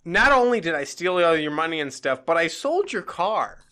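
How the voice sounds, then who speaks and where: Smug taunting male villain, bright voice, offhand, as a podcaster puts him on. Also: medium pitch, sing-song, normal speed. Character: smug male villain boasting to his captive.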